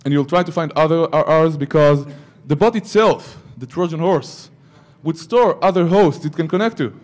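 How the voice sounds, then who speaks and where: A man's voice: fairly high pitch, moderate pace, a little mellow. Joking man giving a conference talk. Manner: joking asides to the audience. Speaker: conference speaker.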